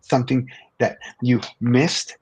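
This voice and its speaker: Earnest middle-aged man with husky voice. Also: medium pitch, fairly even intonation, slow pace, darkish tone. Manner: earnest, repeats words when starting phrases. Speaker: podcast guest. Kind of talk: motivational conversation.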